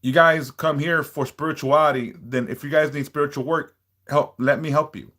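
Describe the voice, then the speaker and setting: A man's voice: a little high, fairly even intonation, normal speed, fairly bright tone. A man hosting a casual livestream, reading out viewer comments and bluntly warning them with plenty of swearing. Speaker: livestream host, spiritual worker.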